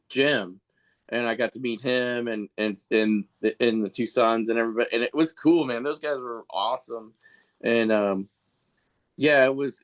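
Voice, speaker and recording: Rambling man telling stories, loose and chatty. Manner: rambling, with many restarts and fillers; jumps into high, animated voices when quoting people. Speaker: podcast guest, costume and effects artist for a shock rock band. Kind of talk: casual storytelling chat.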